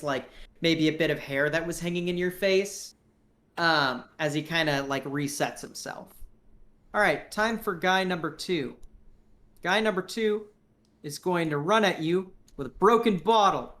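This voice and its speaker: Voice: mid-range voice, a bit bright. A game master running a tabletop combat in a casual, rambling way, reading rules aloud and narrating moves.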